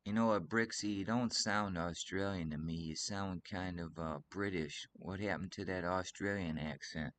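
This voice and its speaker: A man's voice: sits low, moderate pace, few pauses, a bit bright. A man from Michigan hosting a casual livestream chat, rambling earnestly and teasing his co-host. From Michigan, USA.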